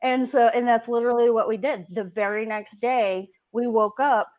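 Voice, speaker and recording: A woman's voice: a little high, fairly even intonation, normal speed. Laughing, candid woman veteran, lo-fi. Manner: candid, laughs often, swears freely. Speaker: Coast Guard veteran guest. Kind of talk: casual storytelling interview.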